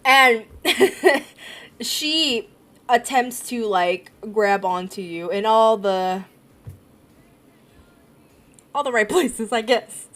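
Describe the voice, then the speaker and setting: A woman running a tabletop role-playing game, narrating scenes in a giggly, halting way with many fillers. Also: on the high side, animated, fairly bright tone. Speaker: game master.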